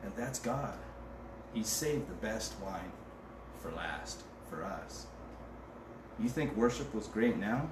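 A fairly low-pitched man, animated yet slow and given to frequent pauses, preaches a conversational sermon as a church pastor. He jokes casually and reads scripture aloud; the audio is distant and roomy, with background noise.

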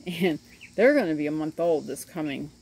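A middle-aged woman with a fairly low voice, talking casually into a handheld phone while she films her ducklings. She rambles and laughs easily. Faint outdoor noise and bird chirps sit behind her. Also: animated, normal speed, gravelly, darkish tone. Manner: rambling, chatty, laughs often. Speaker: homesteader vlogger. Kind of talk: casual chat while filming animals. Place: outdoors in a yard by animal pens. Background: ducklings chirping and outdoor ambience.

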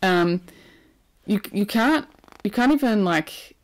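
Australian woman, young adult, casual chatty vlog, playful asides, medium pitch. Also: lively intonation, slow. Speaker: knitting vlogger. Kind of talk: casual chat.

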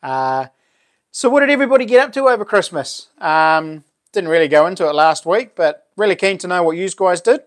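This New Zealand-accented live streamer has a high voice and keeps things easygoing and friendly, reading viewer comments aloud and chatting with his audience.

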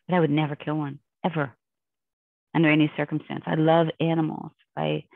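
A woman's voice: deep voice, flat delivery, a little fast, vocal fry, no room sound. A woman guest in an interview, telling a personal story in an intense, rambling, emotional way over a remote call. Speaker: podcast guest. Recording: dry, tinny phone-line sound.

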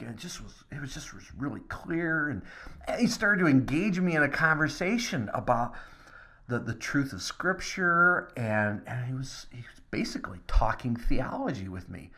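A pastor speaking in a podcast devotional with a mid-pitched male voice. He sinks to a soft near-whisper at times and then rises into eager, excited bursts. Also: normal speed.

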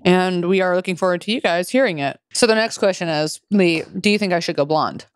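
A woman's voice: on the low side, fairly quick, smooth. A woman co-hosting a podcast in casual chat, blunt, profane and dramatic. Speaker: podcast co-host.

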